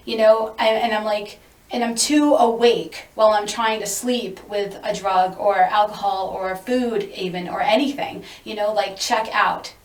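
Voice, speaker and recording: A woman's voice: medium pitch, fairly even intonation, a little slow. A woman podcast host thinking aloud in a reflective, searching way. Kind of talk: reflective conversation. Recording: roomy, distant mic.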